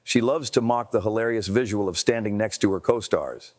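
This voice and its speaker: A man reading scripted narration for a celebrity clip video in an even, measured way. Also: lowish voice.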